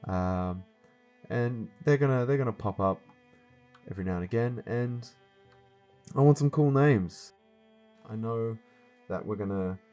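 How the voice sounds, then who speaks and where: A man's voice: on the low side, darkish tone. A man hosting a voiced game series, giving casual gameplay commentary to his viewers in an earnest way, explaining things step by step.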